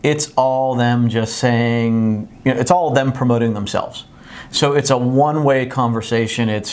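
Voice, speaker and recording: A man's voice: medium pitch, a little slow, a little mellow. A man hosting a casual live-stream chat, talking animatedly and reading posts aloud with laughs. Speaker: host.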